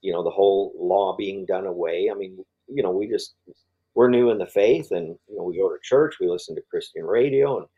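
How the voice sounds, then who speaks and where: Speaking briskly in a deep, husky voice, an older man describes his faith story as a podcast interview guest. He rambles, with plenty of fillers and restarts, and the highs are cut off in the recording.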